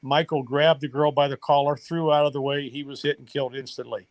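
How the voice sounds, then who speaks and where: A man's voice: medium pitch, flat delivery, a little fast, no room sound. An older man, a former baseball coach, earnestly telling a family story in a podcast interview. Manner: emotional, earnest storytelling with quoted dialogue. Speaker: guest, retired baseball coach.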